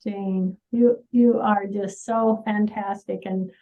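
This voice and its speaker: A woman's voice: mid-range voice, steady tone, slow pace, phone-quality sound. A woman hosting an interview, effusive in her praise for her guest. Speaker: host.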